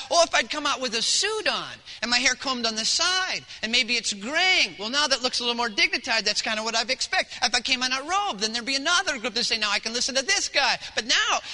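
A man preaching a sermon as pastor at a church service, telling stories in an animated way and swinging between hushed and loud delivery. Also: very high voice, long reverb tail.

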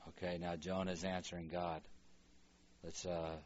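A man teaching a Bible language lesson, slowly sounding out and repeating words for students to follow. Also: sits low, little pitch movement, lo-fi sound, slight background noise. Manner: slow, repeats words aloud for practice. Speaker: Hebrew teacher.

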